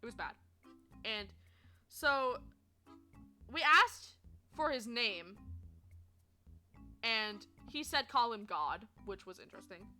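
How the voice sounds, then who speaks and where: A young woman streamer telling stories to her chat in a chatty, animated way, swearing freely and laughing often. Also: on the high side, slow, pauses often, faint music behind. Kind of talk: casual storytelling to chat.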